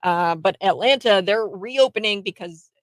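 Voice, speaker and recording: A young woman talks through her political commentary in a loose, rambling way, often restarting her sentences and breaking into short laughs. Her voice sits at an ordinary middle pitch. The recording is dry and close, with no room sound. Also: normal speed, no room sound, low-quality recording.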